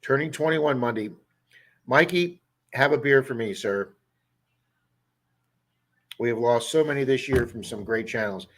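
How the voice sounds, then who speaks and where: A man with a Baltimore accent hosts a casual livestream. His voice sits at an ordinary middle pitch, and he chats easily, answering viewers one by one and calling each of them by name. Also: unhurried, pauses often, fairly bright tone. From Baltimore area, USA. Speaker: livestream host.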